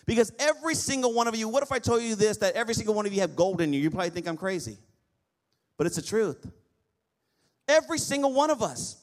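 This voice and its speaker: A male pastor preaching a lively sermon, often asking the congregation for an amen. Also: high-pitched, quick pace. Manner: lively preaching with call-and-response amens.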